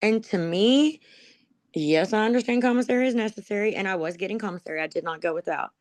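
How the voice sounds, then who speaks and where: A woman gives a personal testimony close to the mic in a dry, deadened room. She rambles through her memories with plenty of ums and little laughs at herself, at a middling pitch, and turns emotional as she talks. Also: fast talker, no echo. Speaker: interviewee, dog program graduate. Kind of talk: personal testimony, conversational storytelling.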